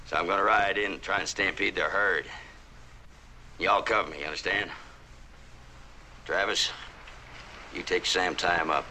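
An actor playing a middle-aged frontier uncle who leads a search party, with a folksy, commanding drawl. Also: male voice, sits low, big pitch swings, moderate pace, pushed and bright, exaggerated voice. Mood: hushed orders. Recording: film soundtrack with background noise.

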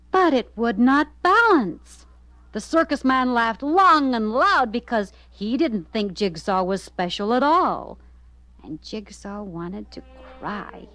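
A woman narrating a children's story aloud in an expressive, lively way. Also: mid-range voice, dry recording.

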